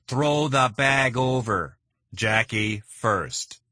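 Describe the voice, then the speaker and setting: A man voicing a hot-headed kidnapper, raised and shouting. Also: medium pitch, expressive, drawn-out words, no room sound, studio quality, pitched above the performer's own voice, heavily acted. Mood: threatening. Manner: shouting, threatening. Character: hot-headed male hostage taker.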